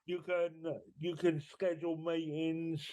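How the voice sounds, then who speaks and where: An English man co-hosting a podcast, explaining his ideas in a laid-back, unhurried way. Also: fairly high pitch, level tone, noisy background. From Britain. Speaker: podcast co-host. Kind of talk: casual chat.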